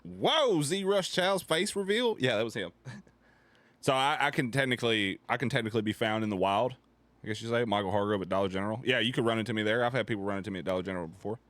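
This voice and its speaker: A man talks casually on a livestream, reacting to clips with a low voice. He swears freely, jokes around and laughs a lot. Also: fairly even intonation, racing, a bit bright, dry recording. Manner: profane, joking, laughs often. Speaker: streamer reacting to videos.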